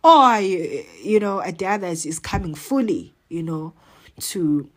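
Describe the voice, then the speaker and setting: A woman's voice: fairly low pitch, animated, a little slow. A woman hosting a faith podcast, telling a personal testimony in an outspoken, emphatic way with many fillers. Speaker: podcast host.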